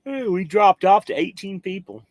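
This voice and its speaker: A man's voice: sits high, lively intonation, normal speed, a little mellow, no echo. An American man hosting a trucking live stream, chatting casually and rambling while he reads viewer comments. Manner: loose, rambling, swears casually. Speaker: trucking livestream host.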